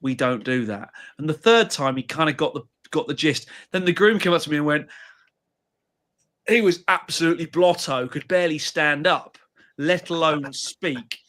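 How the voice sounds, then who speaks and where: A man's voice: a little high, moderate pace, a bit bright. A man co-hosting a live audio Q&A, telling blunt anecdotes in casual chat. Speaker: co-host.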